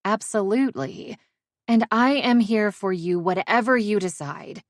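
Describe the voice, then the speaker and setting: A woman's voice: mid-range voice, measured pace, dry recording, studio quality, voice pushed up, natural voice. A woman voicing a blunt, caring young female best friend in an audiobook, with a brash, forthright manner. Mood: supportive. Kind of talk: audiobook dialogue.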